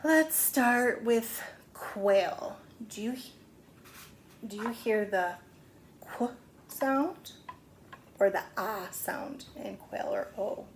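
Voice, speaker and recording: A woman's voice: a little high, drawn-out words, pauses often, slight background noise. A middle-aged woman teaching a phonics lesson to young children, patiently sounding out words.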